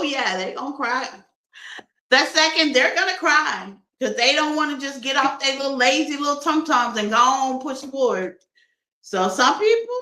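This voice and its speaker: A woman's voice: high voice, bright, forceful tone, roomy sound, poor audio. A woman doing a casual tarot reading for her viewers, playful and laughing often as she talks to them like friends. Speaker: tarot reader.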